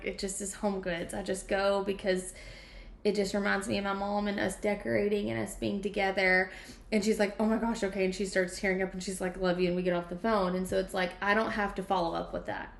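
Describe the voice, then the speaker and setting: A woman's voice: medium pitch, little pitch movement, fairly quick, creaky, a bit bright. A woman hosting a podcast, speaking candidly and from the heart about grieving her mother. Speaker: podcast host. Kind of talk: emotional podcast conversation. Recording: echoey room.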